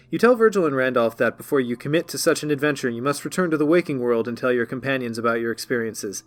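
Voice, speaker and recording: A man narrates a card game campaign in a measured, even, storybook manner. His voice sits at a mid pitch and is neither high nor low. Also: dry recording. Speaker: podcast narrator reading a campaign guide.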